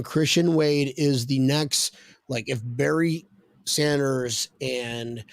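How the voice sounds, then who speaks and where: A man hosts a podcast in loose, casual chat, full of joking and teasing banter. His voice sits fairly high and sounds dry and close to the mic. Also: dry recording. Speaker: podcast host.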